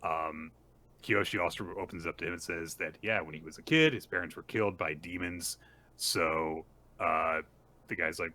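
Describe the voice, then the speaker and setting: A man co-hosting a casual podcast, excitedly retelling a story and acting out the characters' lines. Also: low-pitched, moderate pace. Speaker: podcast co-host. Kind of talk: casual chapter recap.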